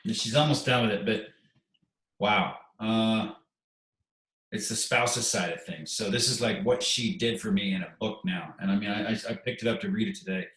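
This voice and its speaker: A man's voice: fairly low pitch, moderate pace, a bit bright, distant mic. A middle-aged man, a military veteran and podcast guest, talking in a heartfelt, rambling way and repeating himself. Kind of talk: podcast interview. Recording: echoey room, off-mic.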